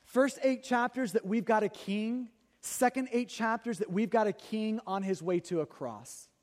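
A male preacher with a strikingly high voice, speaking to a congregation in a large hall whose long reverb trails after each phrase. He talks casually, stammers and doubles words, and climbs into forceful, loud emphasis. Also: moderate pace. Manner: conversational, stammers and repeats words, builds to loud emphatic peaks. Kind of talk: sermon.

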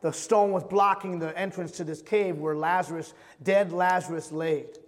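Male pastor, high voice, fervent sermon delivery that drops to near whispers, reverberant sanctuary. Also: steady tone, normal speed. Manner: impassioned, swings between loud and hushed, repeats phrases. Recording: long hall reverb.

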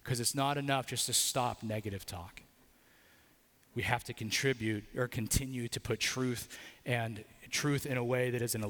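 A man's voice: medium pitch, a bit bright, big-room sound. A man preaching a sermon in a church, telling a personal story with casual fillers and leading a prayer. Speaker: pastor. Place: church building.

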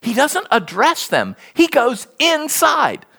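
A preacher delivering a sermon, telling stories in an animated way and acting out quoted speech. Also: high-pitched, takes it slowly, vocal fry.

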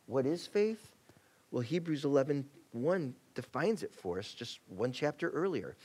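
A male pastor preaching a sermon in a conversational way, acting out quotes and shifting between excited bursts and quiet, soft passages. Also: medium pitch, measured pace, breathy edge. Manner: conversational preaching, acts out quotes, rising and dropping to a hush.

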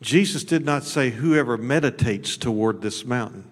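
A man preaching a sermon as pastor. His delivery is folksy and blunt, with repeated words, and it swings between shouted high peaks and low, close talk. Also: normal speed. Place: church sanctuary. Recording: long hall reverb.

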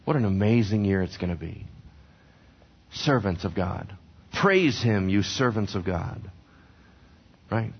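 A man preaching a sermon with a very lively, swooping voice. He keeps putting questions to the congregation and answering them himself. The recording sounds dull and lo-fi. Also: fairly low pitch, unhurried, pauses often, slightly rough. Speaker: pastor. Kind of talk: sermon teaching from scripture.

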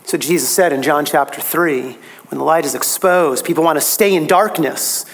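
A man preaching a sermon, emphatic, his pitch rising on key phrases. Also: moderate pace.

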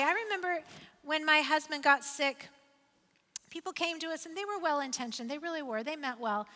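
A woman's voice: high-pitched, moderate pace, bright, forceful tone, in a large hall. A woman pastor preaching a sermon, conversational and personal, building to emphatic repeated refrains.

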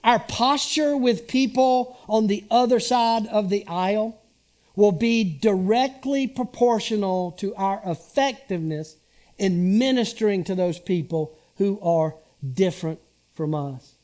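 A man in his sixties, a pastor, gives a sermon in a high-pitched, somewhat dark voice at an unhurried, deliberate pace. He talks with his congregation as much as to it, checking in through rhetorical questions.

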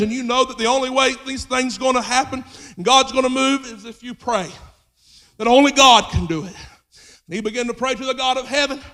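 A man delivers a sermon in a strikingly high voice. He shifts from low, quiet explanation to loud, shouted exhortation. The sound carries a long reverb, as if from a large church hall. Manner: swings from low intimate talk to shouted preaching. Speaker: preacher.

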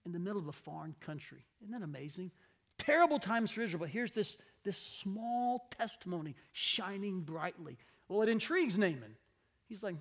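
A man's voice: high voice, lively intonation, normal speed, a bit bright. A man preaching a conversational sermon, telling a Bible story expressively and acting out the people in it.

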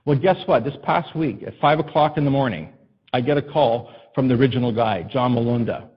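A male pastor preaching a sermon in an impassioned way that builds to loud, emphatic peaks. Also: mid-range voice, fairly quick, breathy edge, muffled recording.

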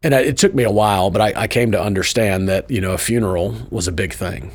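A middle-aged pastor in an interview, telling a personal story in a lively way, often asking "right?" and breaking into short laughs. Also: male voice, lowish voice, quick pace, slightly rough. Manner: animated storyteller, tags points with "right?"; laughs between lines.

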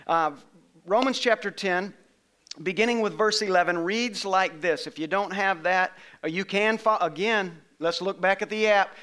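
A man preaching a sermon to a congregation, emphatic and rising to shouts on key phrases, leading call-and-response. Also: sits high, clear, resonant tone. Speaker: pastor. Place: church sanctuary.

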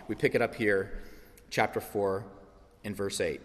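A man preaching a sermon as pastor, telling stories in an animated, lively way. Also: fairly low pitch, a little slow, pauses often. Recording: long hall reverb.

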